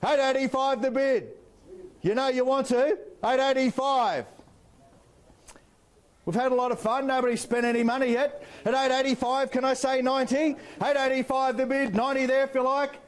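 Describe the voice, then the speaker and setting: An Australian man working as an auctioneer, calling bids in a rapid rhythmic patter with playful banter to the bidders. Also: very high voice, flat delivery. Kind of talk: live property auction calling.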